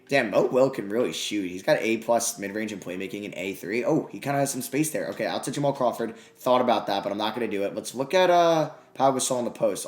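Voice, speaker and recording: Young guy gaming commentary, gets super hyped then grumbles, kinda echoey room. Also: lowish voice. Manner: excitable, swings from grumbling to yelling. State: out of breath. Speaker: gaming YouTuber. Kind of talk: live commentary over a video game.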